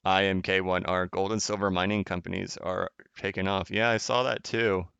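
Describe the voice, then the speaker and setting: A man hosts a live stream from home, reading out viewer comments in a loose, rambling way, restarting his sentences and laughing along. His voice is bright and crisp, and he talks a little low. The stream audio is a bit dull and lo-fi. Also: little pitch movement, normal speed, no echo. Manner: rambling, self-correcting, laughs often. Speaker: crypto live stream host.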